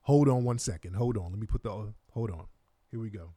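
A man's voice: fairly low pitch, fairly quick, mellow, dry recording, studio quality. Indignant, profane man reacting to a clip. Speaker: online commentator. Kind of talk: reaction commentary on court video.

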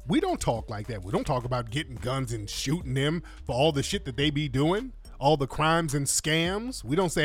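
A man hosting reaction commentary, mocking and animated, with lots of slang. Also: fairly high pitch, normal speed, hardly any pauses. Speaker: commentary host.

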